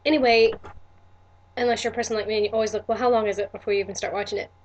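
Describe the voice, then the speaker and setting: A woman's voice: fairly high pitch, fairly even intonation, rapid-fire. A woman, telling a personal story in a candid, earnest vlog with many restarts and asides. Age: 40s. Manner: earnest and emotional. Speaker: vlogger.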